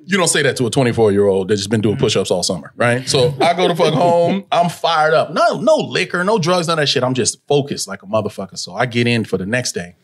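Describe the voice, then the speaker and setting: A man from California, a guest on a podcast, telling an animated story and acting out every voice in it, with loose and profane talk. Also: mid-range voice, fast, few pauses, husky. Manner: acts out every voice in his stories, swears freely.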